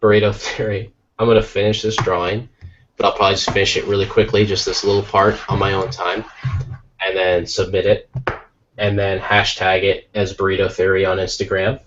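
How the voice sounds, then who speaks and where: An American man co-hosting a podcast, telling jokey stories in a lively, casual way while tired from little sleep. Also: low-pitched, a little fast, lo-fi sound, background noise. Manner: animated, jokey storytelling. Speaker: podcast co-host. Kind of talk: casual chat.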